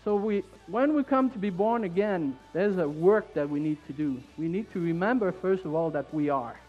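A man with a French Canadian accent preaching a fervent sermon in church, repeating his points and building up to shouts. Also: high voice, expressive, moderate pace, lo-fi sound, soft background music.

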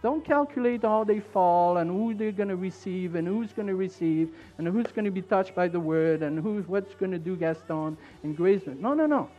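A man with a French Canadian accent preaching a fervent sermon in church, repeating his points and building up to shouts. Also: high voice, normal speed, few pauses, dull audio, faint music behind.

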